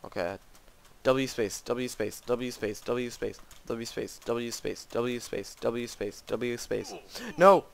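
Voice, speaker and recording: Slow-talking gravelly gamer guy. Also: medium pitch, fairly even intonation. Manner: frequent gasps and exclamations, self-mocking. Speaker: gamer playing a custom map. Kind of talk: casual let's-play commentary.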